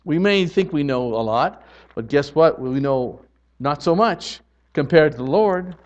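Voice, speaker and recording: A man delivers a sermon in a slightly raised voice, earnest and emphatic, swinging between hushed moments and forceful declarations. The recording sounds muffled and lo-fi. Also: on the high side, expressive, unhurried. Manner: earnest preaching, swelling to loud emphatic lines. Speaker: pastor.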